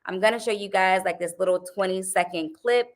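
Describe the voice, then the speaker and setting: A woman's voice: medium pitch, brisk. A young adult woman hosting a casual livestream, chatting animatedly with viewers and laughing often. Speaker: livestream host.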